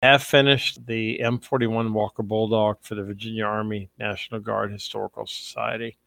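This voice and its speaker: A man's voice: fairly low pitch, level tone, a little fast, creaky, fairly bright tone, dry recording, clean studio sound. A man guest-hosting a casual podcast, affectionate and a little tipsy. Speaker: guest host. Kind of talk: casual chat.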